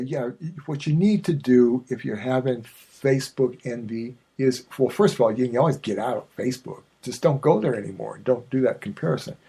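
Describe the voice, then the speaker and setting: A man's voice: mid-range voice, mellow, breathy edge. A man hosting his own podcast, chatting in a digressive, self-mocking way with many fillers and restarts. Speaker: podcast host. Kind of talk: rambling solo podcast chat.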